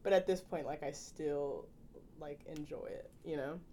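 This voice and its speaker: A young woman chatting casually, animated and full of laughs, with filler-heavy speech. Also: sits low, a little slow, a little hiss or hum. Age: young adult. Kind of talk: casual podcast chat.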